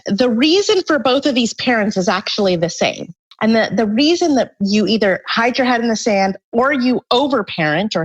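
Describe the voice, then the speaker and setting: A woman's voice: fairly high pitch, husky, highs cut off. A woman author being interviewed, explaining her points earnestly in a conversational way. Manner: earnest, explanatory, acts out parents' voices briefly. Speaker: guest author.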